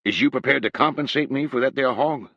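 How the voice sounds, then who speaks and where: A man voicing a stern older rural hog owner from who speaks in a slow, dry drawl. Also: mid-range voice, gravelly, no echo, lo-fi sound, voice pushed up. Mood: dry shrewd.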